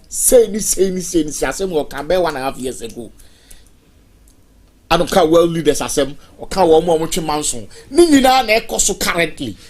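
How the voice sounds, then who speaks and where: A TV host with a Ghanaian accent, talking in a lively way and putting prodding questions, switching between English and Twi. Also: medium pitch.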